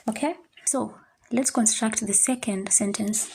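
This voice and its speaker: A woman teaching French at a board, patiently repeating words slowly for learners. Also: mid-range voice, dark tone, slight background noise. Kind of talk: slow classroom explanation at a board.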